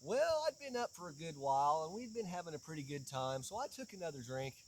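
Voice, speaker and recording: A man hosting a casual chat outdoors, telling a funny story with lively energy. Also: a little high, fast talker, slight background noise, low-quality recording. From southeastern Kentucky. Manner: animated, playful storyteller. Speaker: podcast host.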